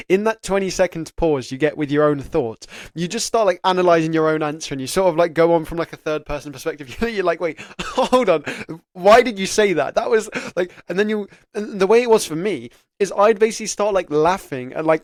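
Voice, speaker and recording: A man's voice: fairly high pitch, no room sound, clean studio sound. A young man giving casual career advice to camera, chatty and laughing often, slipping into mock inner voices. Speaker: careers YouTuber.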